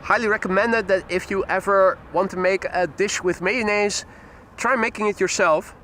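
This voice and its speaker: High, bright man giving live commentary. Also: fairly even intonation, moderate pace, a little hiss or hum. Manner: chatty, reads viewer comments, laughs easily. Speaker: live stream host. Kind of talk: live plane-spotting commentary.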